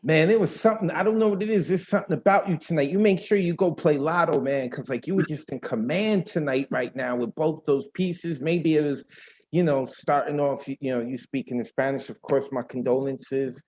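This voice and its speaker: A man hosting an online open mic over a video call, chatting in an energetic, slangy way. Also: on the high side, fairly quick, slight background noise. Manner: energetic, slangy, talks to the audience directly. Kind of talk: casual hosting banter.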